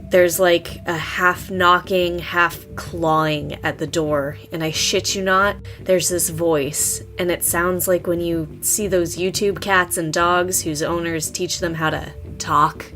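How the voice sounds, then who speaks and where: A woman with a lowish voice reading a scary story aloud, slowly and deliberately. Her delivery is casual and full of swearing, with faint music behind. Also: fairly even intonation, fairly bright tone. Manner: slow, casual, profane storytelling. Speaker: podcast co-host.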